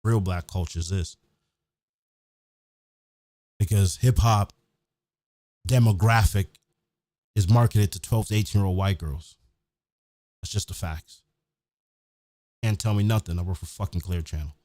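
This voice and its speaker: A man's voice: lowish voice, steady tone, moderate pace, long pauses, mellow, no room sound, studio quality. A man talking in a blunt, profane, emphatic way as a radio host in casual chat.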